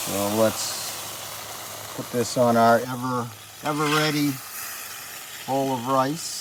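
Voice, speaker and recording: An older woman hosting a cooking show, calmly talking through each step at the stove. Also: extremely low pitch, very noisy. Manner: unhurried, step-by-step instructions while cooking. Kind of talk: cooking demonstration. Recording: loud sizzling wok under the voice. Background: frying and sizzling food.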